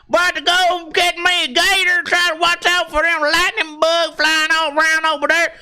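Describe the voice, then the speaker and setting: A man's voice: extremely high pitch, pushed and bright, clean tone. A man putting on a crude, swaggering bayou redneck with a twangy drawl.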